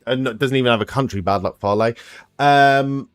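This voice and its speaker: A man's voice: mid-range voice, moderate pace, clear, resonant tone, no room sound, faint music behind. A man hosting a live watch-along stream, thinking aloud and swearing freely as he plays a guessing quiz with viewers.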